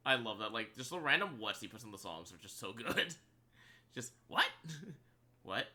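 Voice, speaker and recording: Male streamer, casual rambling chat with lots of laughs; bright, animated voice that swings up and down. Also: fairly low pitch, moderate pace. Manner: rambling, filler-heavy, laughs often. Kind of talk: casual live-stream chat while gaming.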